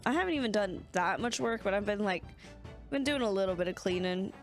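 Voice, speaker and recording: A woman's voice: mid-range voice, expressive, a little fast, faint music behind. A young woman streamer chatting casually and sleepily while playing a game and reading its lines aloud. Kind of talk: casual let's-play chat.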